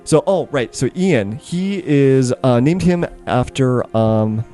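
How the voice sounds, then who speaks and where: A man's voice: medium pitch, animated, slow, dark tone, soft background music. A man narrating a tabletop game as game master, rambling a little with restarts and laughing easily.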